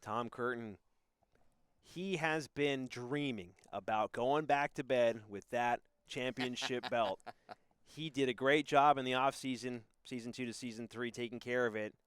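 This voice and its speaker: A man doing live play-by-play commentary on a darts match, excitable and prone to loud exclamations on a close mic. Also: mid-range voice, unhurried, smooth, dry recording. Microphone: close mic, apologizes for being too loud.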